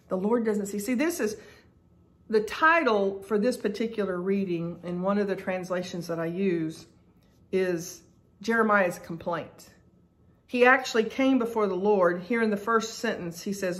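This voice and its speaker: A middle-aged woman leads a daily Bible study, reading scripture aloud and then reflecting on it. Her delivery is earnest and emphatic, and she sometimes spells out a word letter by letter to stress it. Her voice sits at an ordinary middle pitch. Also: animated, measured pace.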